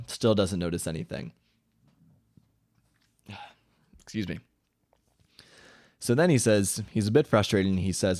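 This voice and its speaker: A man's voice: sits low, no echo, clean studio sound. A man casually retelling a story from a book, rambling and correcting himself as he acts out quoted dialogue.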